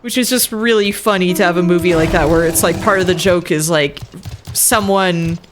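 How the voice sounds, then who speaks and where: A woman's voice: fairly low pitch, moderate pace, noisy background. A woman from northern France, a native French speaker, chatting casually and laughing often while streaming a game. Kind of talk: casual gaming chat.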